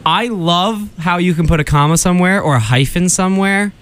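A man's voice: high voice, brisk, a bit bright, a little hiss or hum. A young man hosting a college radio show, chatting casually and restarting sentences as he goes.

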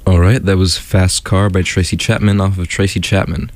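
A young man with a very deep, low voice hosts a casual music radio show. He stumbles over his words, restarting and stuttering as he goes. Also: little pitch movement, normal speed. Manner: stumbling, self-conscious stutter.

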